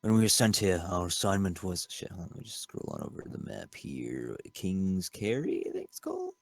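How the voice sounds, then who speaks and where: A man's voice: low voice, very animated, moderate pace, vocal fry. A man playing a tabletop game in character, speaking bluntly and profanely. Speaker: player. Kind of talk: in-character tabletop role-play.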